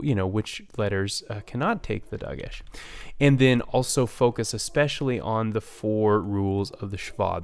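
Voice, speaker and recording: A man teaching a recorded language lesson, explaining slowly with many fillers and restarts. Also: fairly low pitch. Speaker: Hebrew teacher.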